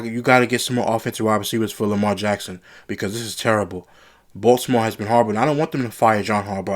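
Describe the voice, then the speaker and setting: A man giving a casual, frustrated sports reaction, often repeating himself as he gets worked up. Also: mid-range voice. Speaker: sports commentary vlogger.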